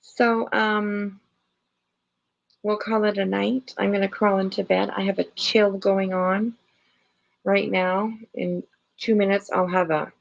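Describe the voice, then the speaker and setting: A middle-aged woman chatting casually on her livestream, rambling and laughing as she talks to her viewers. Her voice has a gravelly, creaky edge. The home stream audio sounds a little dull and lo-fi. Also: medium pitch, flat delivery, slow. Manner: chatty, rambling, laughs often, many fillers. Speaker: livestream host.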